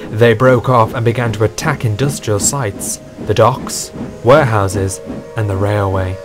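A man narrating a scripted storybook in a steady, earnest way. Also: lowish voice.

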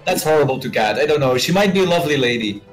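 A man's voice: medium pitch, animated, racing, poor audio. Male co-commentator, mid-range voice, rambling sarcastic jokes, faint music under. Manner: rambling, sarcastic, laughing asides. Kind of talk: casual gaming chat.

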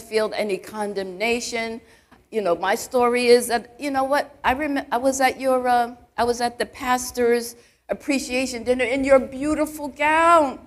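A woman church elder giving a conversational sermon to a live congregation in a church, peppering her talk with asides and questions to the crowd. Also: a little high. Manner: chatty, full of "you know" asides, quizzes the congregation.

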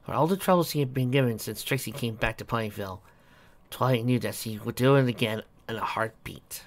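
Man, story reader, steady narration, playful asides, gravelly. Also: mid-range voice, brisk. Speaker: reader of fan fiction. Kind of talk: reading a story aloud.

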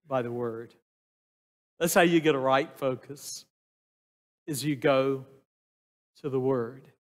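Older man preaching in a reverberant church. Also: mid-range voice. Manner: slow, emphatic preaching with questions to the congregation. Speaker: pastor. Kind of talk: sermon. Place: church sanctuary. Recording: long church reverb, voice sometimes off mic.

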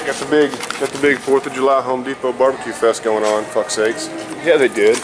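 A man vlogging casually in a parking lot and a home improvement store, joking and swearing as he talks to his viewers. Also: medium pitch. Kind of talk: casual vlog chat. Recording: noisy outdoor and store audio.

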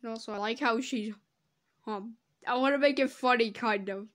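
A woman doing comedic reaction commentary, sarcastic and swearing, breaking into loud silly voices. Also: fairly high pitch, moderate pace. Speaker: commentator reacting to fan drawings.

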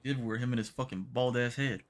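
A man in a game role-play rattles off bossy directions at breakneck speed, swearing as he goes. His pitch sits in the middle range. A faint noise runs behind him. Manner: bossy, barks quick directions and curses.

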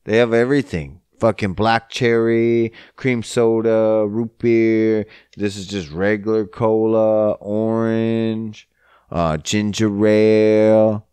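A man rants through his solo podcast in an unhurried, profanity-laden ramble. His voice is smooth and clean, heard close with almost no room around it. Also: fairly low pitch, level tone, darkish tone, no echo. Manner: profane, rambling, heavy swearing. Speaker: podcast host. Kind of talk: casual solo podcast rant.

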